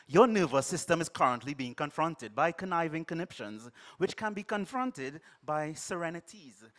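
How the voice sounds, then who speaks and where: A man voicing a calm, long-winded female therapist, in a lower, hushed delivery. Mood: lofty calm. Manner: measured, hushed and wordy.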